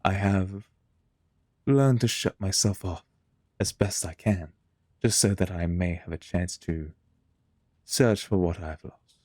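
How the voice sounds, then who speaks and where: A man's voice: low voice, a little mellow, no echo. A man voicing an aloof, haunted female alien seer from a video game, speaking formally. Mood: troubled. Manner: formal, measured speech. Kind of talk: reading game dialogue aloud.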